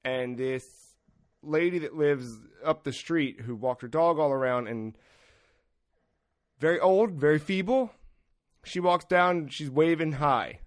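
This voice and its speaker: A man's voice: a little high, measured pace, pauses often. A man hosting a podcast, telling a story in a casual, profane way and acting out the people in it. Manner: profane, animated, acts out quotes. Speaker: podcast host.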